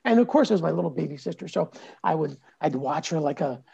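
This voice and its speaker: A man with a high, gravelly voice tells his childhood story with earnest animation, slipping into quoted lines as he goes. His tone is mellow and husky. The recording sounds dull and lo-fi. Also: lively intonation, fast. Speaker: podcast guest. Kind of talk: personal storytelling in conversation.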